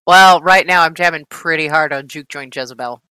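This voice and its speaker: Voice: mid-range voice, brisk, pushed and bright, clean tone, no room sound, rough recording. A podcast co-host in casual chat, making dry, blunt quips.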